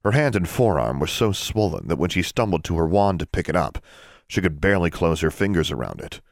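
A man narrating fantasy fiction aloud in an expressive storytelling manner, close to the mic. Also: deep voice, brisk, creaky, no echo. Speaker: audiobook narrator.

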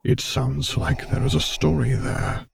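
A man voicing a remorseful, ashamed armored man who speaks in halting, formal phrases. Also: medium pitch, level tone, gravelly, a little hiss or hum, pitched above the performer's own voice. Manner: halting, formal, hesitant speech.

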